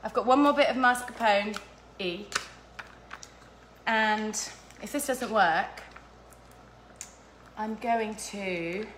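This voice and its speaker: This cooking vlogger has a higher, fairly bright voice and talks slowly, pausing often, with a bit of hiss or hum behind her. In her kitchen she casually chats to live viewers about a recipe, giggling, swearing freely, and generally chaotic.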